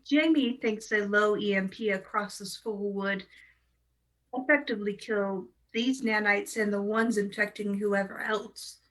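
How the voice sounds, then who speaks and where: Casting: a woman with a bright, crisp tone, playful at a tabletop game. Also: medium pitch, fairly even intonation, a little slow, rough recording. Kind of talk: casual table chat.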